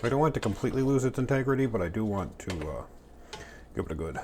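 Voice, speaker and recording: In his home kitchen, a man runs through a recipe casually, talking to himself with plenty of jokes. He speaks quickly and animatedly in a fairly low, darkish voice, over slight background noise and the clatter of pans and utensils.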